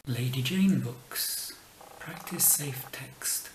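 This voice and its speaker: A man casually telling book jokes as a vlogger, dropping his punchlines softly, sometimes in a whisper. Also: medium pitch, a little slow, recorded from a distance. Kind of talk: casual joke telling to camera. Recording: echoey room, mic set back, faint noise.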